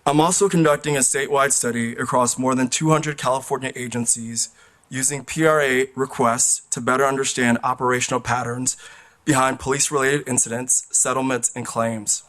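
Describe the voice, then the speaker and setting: A man with a mid-pitched voice reads a measured, formal statement from his notes at a public meeting. He speaks steadily into a podium microphone. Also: fairly even intonation, a bit bright. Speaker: public commenter. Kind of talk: prepared public comment.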